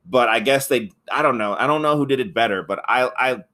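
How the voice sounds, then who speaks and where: A rambling, foul-mouthed man in a casual podcast chat. He talks at an ordinary pitch, tells the story in loose stretches and keeps acting out the lines of the people he describes. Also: brisk, bright, forceful tone. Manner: rambling, swears a lot, acts out quotes. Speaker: podcast co-host reviewing a film.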